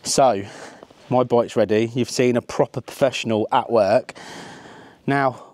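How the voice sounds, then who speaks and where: A man's voice: medium pitch, steady tone, unhurried, loud music behind the voice. A man vlogging casually while working on his motorbike, jokey and chatty. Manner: jokey, chatty, laughs often. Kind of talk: casual vlog chat.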